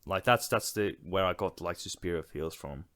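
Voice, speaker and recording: Speaking at normal speed in a deep, slightly bright voice, a male podcast co-host chats casually about a film. His delivery is loose and conversational, peppered with "like" and "yeah" and other fillers.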